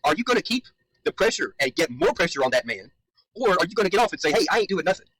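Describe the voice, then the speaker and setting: Male commentator, fired up and emphatic, a touch higher-pitched, swears freely. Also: very animated, fast, fairly bright tone, no room sound, poor audio. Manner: heated, emphatic, repeats points, swears. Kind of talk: reaction commentary.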